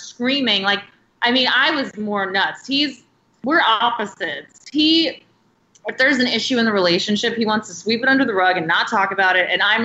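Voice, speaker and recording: A woman's voice: mid-range voice, bright, forceful tone, reverberant, dull audio. A woman in her late thirties, a podcast guest telling stories in a chatty way and saying "like" a lot. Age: late 30s. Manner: chatty storyteller, heavy use of "like". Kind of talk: casual interview chat.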